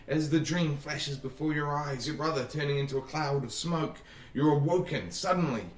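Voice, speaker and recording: A man's voice: a little high, moderate pace. A man narrating as dungeon master in a tabletop game, rambling loosely with frequent restarts. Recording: echoey room, far from mic.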